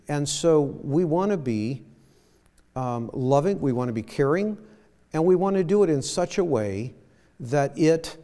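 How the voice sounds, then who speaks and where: Male pastor mid-sermon, unhurried and halting, echoing church hall. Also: mid-range voice, mellow. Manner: slow, halting with repeated words. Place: church sanctuary.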